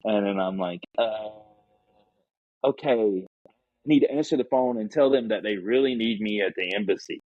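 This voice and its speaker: A man telling a story casually as a podcast guest, animated and acting out the people he quotes. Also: lowish voice, normal speed, no echo, highs cut off.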